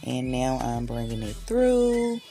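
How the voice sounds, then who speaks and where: A woman's voice: very deep voice, sing-song, slow, warm tone, soft background music. A woman, a mother filming a casual hair-braiding tutorial at home and cheering herself on as she works. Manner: chatty and self-encouraging, hyping herself up. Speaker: hair vlogger, mother of six.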